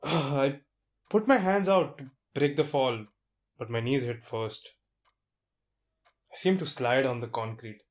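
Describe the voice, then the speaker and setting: A young man plays a shaken man who tells what happened in a tense, halting way. His voice sits at a middle pitch. It comes from a student stage drama. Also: close to an everyday voice. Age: young adult. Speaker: a young man.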